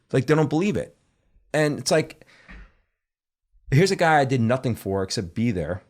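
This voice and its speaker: A man's voice: medium pitch, brisk, long pauses. A middle-aged man, a guest on a podcast, telling stories casually and with lots of swearing, acting out what other people said. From Brooklyn, New York. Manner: animated, profane storytelling that acts out other people's words. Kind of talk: casual chat.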